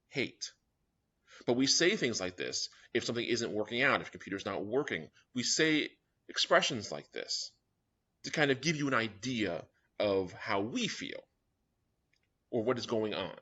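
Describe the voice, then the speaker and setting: A man with a fairly low, pushed and bright voice leads a young writers' workshop, walking through ideas step by step and often asking "all right?" It's a classroom lecture captured on a dull, lo-fi recording.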